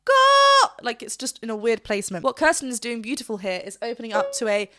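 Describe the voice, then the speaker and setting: In a dry, studio-quality recording, a woman with a fairly high voice talks fast. She's a vocal coach making a reaction video, analyzing a song's technique and breaking into short sung demonstrations.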